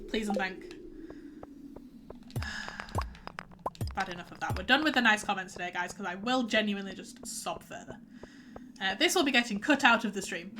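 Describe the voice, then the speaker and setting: A woman's voice: a little high, pushed and bright. A young woman chatting casually while live-streaming a farming game, teary and stuffy-nosed from crying, rambling and reacting aloud as she plays.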